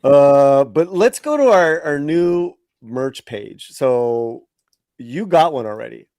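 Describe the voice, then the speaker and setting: Lively chatty male show host. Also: medium pitch, takes it slowly, dry recording. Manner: enthusiastic, loose and chatty. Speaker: podcast host. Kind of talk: casual show chat.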